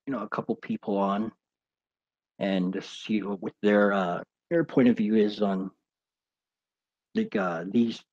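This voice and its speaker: A man's voice: on the low side, unhurried, pauses often, a little mellow, muffled recording. A man who used to box, hosting and telling a casual, rambling story with lots of fillers and swearing. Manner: rambling, with many fillers and restarts, swears freely. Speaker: host, former pro boxer.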